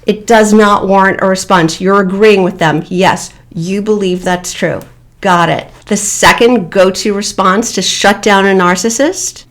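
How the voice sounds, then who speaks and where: Calm woman coaching through divorce. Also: medium pitch. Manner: calm, measured advice with deliberate pauses. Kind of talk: advice video to camera.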